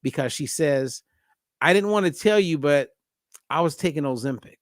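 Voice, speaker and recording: A man with a fairly high speaking voice tells a story in a casual podcast chat. He talks as a diet coach and acts out both sides of a phone call with animated energy. The recording is dry and close, with no room sound. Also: moderate pace, no room sound.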